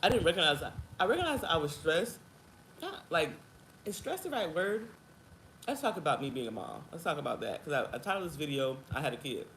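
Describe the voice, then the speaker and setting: A woman in her thirties chatting casually to her viewers in an animated way, laughing often and calling them girl and honey. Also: deep voice, brisk, a little hiss or hum. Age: 30s. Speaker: vlogger. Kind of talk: casual chat to camera. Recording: echoey room with faint ambience.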